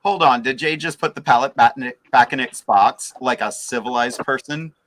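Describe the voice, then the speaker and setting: A man's voice: medium pitch, moderate pace, a bit bright, dry recording, low-quality recording. A man co-hosting a casual group chat, talking in an enthusiastic, chatty way. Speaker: podcast co-host.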